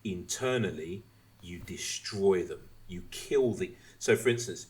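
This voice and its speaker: A man hosting a podcast, chatting casually and ranting with animated asides and swearing. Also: deep voice, unhurried. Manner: animated, swearing, mimics others mid-rant. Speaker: podcast host. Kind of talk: casual chat.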